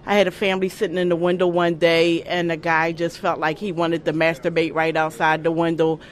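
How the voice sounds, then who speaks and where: A woman's voice: on the low side, little pitch movement, fairly quick, slight background noise. Blunt woman shop owner. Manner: blunt, heartfelt complaining. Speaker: barbershop owner. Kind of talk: interview.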